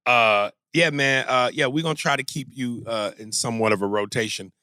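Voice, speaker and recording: A man's voice: medium pitch, a little fast, bright, forceful tone, clean tone, no echo, studio quality. A man co-hosting a comedy podcast, joking and cursing as he reads listener emails aloud. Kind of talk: casual comedic podcast chat.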